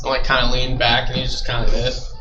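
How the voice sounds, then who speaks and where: A man's voice: mid-range voice, completely flat delivery, quick pace, muffled recording, noisy background. A man narrating a tabletop game as game master, loose and chatty. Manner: loose, chatty, laughing with the players. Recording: roomy echo, faint music.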